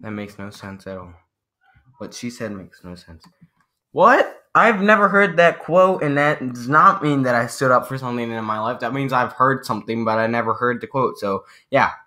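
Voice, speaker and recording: A young man vlogging as he chats with a chatbot, goofy and excitable, swearing and repeating himself in mockery. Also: mid-range voice, fairly quick. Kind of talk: casual chat.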